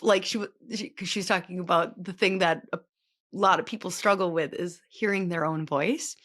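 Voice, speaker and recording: A woman's voice: lowish voice, fairly even intonation, moderate pace, fairly bright tone. A woman in her late thirties hosting a podcast, talking in a rambling, chatty way full of filler words. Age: late 30s. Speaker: podcast host. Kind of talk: casual chatty monologue.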